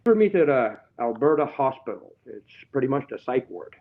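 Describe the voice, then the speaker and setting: A man's voice: medium pitch, sing-song, normal speed, narrow, tinny audio. A man rambling through a grievance in casual chat, swearing heavily. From Canada. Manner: rambling, heavily profane, aggrieved. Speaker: guest telling his story.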